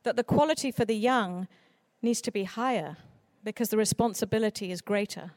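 A woman who writes children's books, giving an earnest, expressive talk on writing for children. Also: medium pitch, fairly quick, no echo. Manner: earnest, expressive speaker with mock voices for quoted people. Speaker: children's author. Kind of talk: conference talk.

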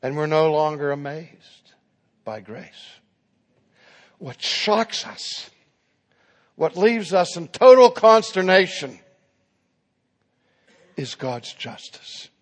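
A man's voice: on the high side, animated, slow, long pauses, big-room sound. A man preaching a sermon who tells his story dramatically and acts out the dialogue.

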